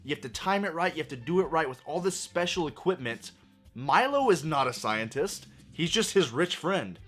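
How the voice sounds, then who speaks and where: A man giving a profane, exasperated film review rant, his voice going hoarse. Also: on the high side, sing-song, moderate pace, a bit bright, faint music behind. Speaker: movie reviewer.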